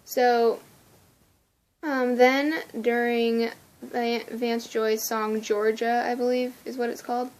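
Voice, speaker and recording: A woman excitedly telling a story in a casual vlog, gushing and laughing often. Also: a little high, takes it slowly. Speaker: vlogger.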